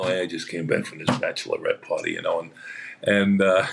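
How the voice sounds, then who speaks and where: A man's voice: low voice, lively intonation, moderate pace, gravelly, background noise. A man, an actor on a podcast, telling rambling anecdotes in a chatty way and acting out what others said. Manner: chatty, acts out quoted voices. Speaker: actor guest.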